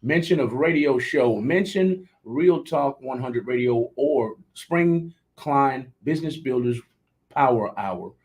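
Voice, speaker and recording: A man's voice: medium pitch, lively intonation, slow pace, darkish tone, poor audio. A man hosting a local radio show, talking in a folksy way and often repeating himself. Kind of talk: casual radio talk.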